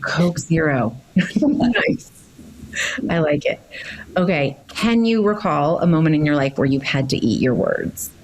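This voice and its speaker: A woman's voice: sits low, lively intonation, measured pace, slight background noise, poor audio. A woman hosting a podcast interview, asking upbeat questions and giggling often. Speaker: podcast host. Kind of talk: casual interview chat.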